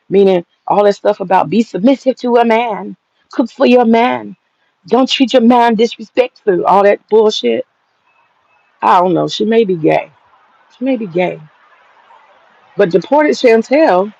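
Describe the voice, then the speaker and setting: A man's voice: sits high, gravelly, a little mellow, no echo, muffled recording. A man hosting an online commentary monologue, talking in a blunt, profane and mocking way.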